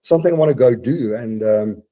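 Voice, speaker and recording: Here the guest, a mountaineer who also leads businesses, talks a little fast in a mellow, medium-pitched voice. He's reflective on this casual podcast interview from his home study, frequently backing up to restart.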